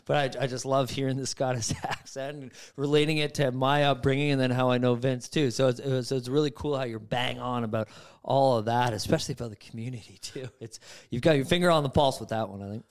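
Podcast host guy, chatty, smooth clear voice. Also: medium pitch, fairly even intonation, fast talker, hardly any pauses. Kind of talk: casual podcast chat.

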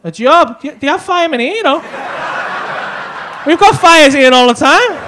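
Man, Liverpool accent, stand-up crowd work, sweary teasing, lively pitch, noisy live club. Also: normal speed. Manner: brash, sweary, teasing banter. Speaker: stand-up comedian. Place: comedy club stage.

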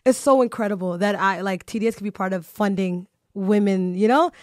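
A woman's voice: medium pitch, a little fast, no echo. A woman hosting a podcast, chatting casually and animatedly, with lots of "you know" and "like" fillers. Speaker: podcast host.

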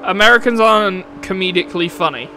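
With a high, pushed and bright voice at a quick pace, a British man streams a racing game and rants in a casual way. He's blunt and opinionated, laughs at his own jokes, and swears occasionally; there's a little hiss or hum.

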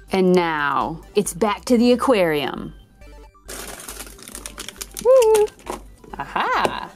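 A woman hosting a toy unboxing video, bubbly and giggly, gushing over each toy she opens. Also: medium pitch. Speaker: toy channel host.

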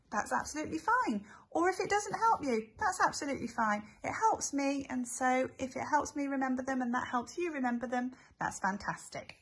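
A woman teaching young children spelling tips in a gentle, sing-song way, spelling letters out slowly. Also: a little high, slightly rough. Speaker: infant school teacher.

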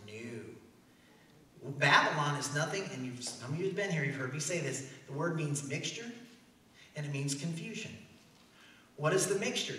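Bright-voiced preacher in an echoey church. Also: male voice, on the high side, recorded from a distance. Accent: Midwestern American. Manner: animated preaching, swings from loud declarations to soft asides. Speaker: pastor. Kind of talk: sermon. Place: large church hall. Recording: echoey church hall, heard from afar.

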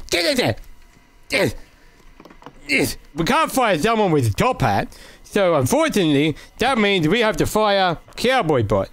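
A man playing a VR office game and joking through it as he goes, excitable and goofy, with sudden yelps and shouts. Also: fairly high pitch, gravelly, husky. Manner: jokey, mock-serious asides to the viewers. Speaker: gaming video creator.

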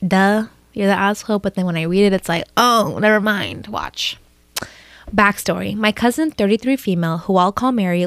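A woman's voice: medium pitch, no room sound. A woman reading posts aloud in a storytime vlog, breaking in with blunt, sweary comments. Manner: blunt, swears freely in reactions. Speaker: storytime vlogger.

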